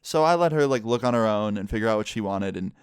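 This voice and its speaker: On a casual storytime vlog, a man recounts a personal story candidly, swearing freely, saying "like" constantly and acting out the other people involved. His voice is on the low side, smooth and fast, in a dry, clean studio recording.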